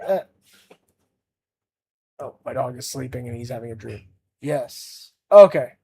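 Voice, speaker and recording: A man's voice: mid-range voice, animated, measured pace, creaky, warm tone, slightly rough. A young man chatting casually on a livestream as an art streamer, rambling with lots of fillers and restarts.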